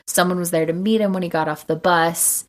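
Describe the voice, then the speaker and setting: Woman podcast host with a low voice, chatty film recap, acts out the lines. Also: brisk. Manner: animated retelling, acting out quotes.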